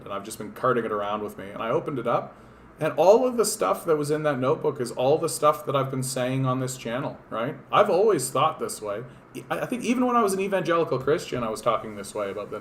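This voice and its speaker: A man's voice: medium pitch, animated, fast talker, a little hiss or hum. Rambling, profane male livestream host. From Canada. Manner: rambling, profane, with many fillers and restarts; sardonic. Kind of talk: casual livestream commentary.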